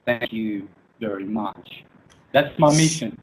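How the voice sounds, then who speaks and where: On a low-quality recording with crowd noise behind him, a man with a lowish, expressive voice rants slowly and angrily as a guest in an online interview. He mocks, curses, and laughs with scorn, and his words take menacing, threatening turns.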